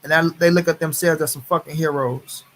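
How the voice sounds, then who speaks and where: A man's voice: on the high side, fairly even intonation, a little fast, a bit bright. Heated, profane man venting on a livestream. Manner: heated, profane, repeats phrases for emphasis; greets viewers in chat by name. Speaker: livestream host. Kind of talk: angry casual livestream commentary.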